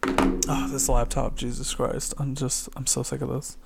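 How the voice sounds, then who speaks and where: A man's voice: mid-range voice, level tone, a little slow, vocal fry, heavy background noise. A young man hosting a podcast, telling a heated story full of cursing. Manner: profane, heated retelling with loud quoted outbursts. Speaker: podcast host. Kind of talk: casual chat, storytelling. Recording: poor laptop recording.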